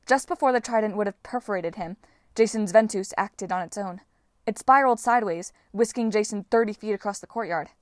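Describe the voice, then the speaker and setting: A woman reading a novel aloud as a fan audiobook, in steady storytelling narration. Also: medium pitch, a little fast, no echo, clean studio sound. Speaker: audiobook reader.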